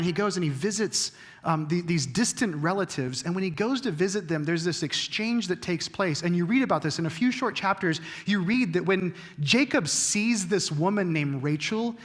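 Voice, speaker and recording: A man's voice: fairly high pitch, big-room sound. A man preaching a sermon as the pastor, earnest, with frequent restarts and jokey asides. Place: church sanctuary.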